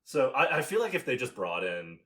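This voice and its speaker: A man's voice: mid-range voice, very animated, a little fast, fairly bright tone. A man from Canada co-hosting a casual movie podcast, rambling with lots of fillers and swearing. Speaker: podcast co-host. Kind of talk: casual movie review chat.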